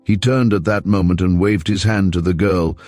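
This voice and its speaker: A man reading a crime novel aloud in an even, measured way as audiobook narrator. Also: sits low, faint music behind. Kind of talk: scripted narration.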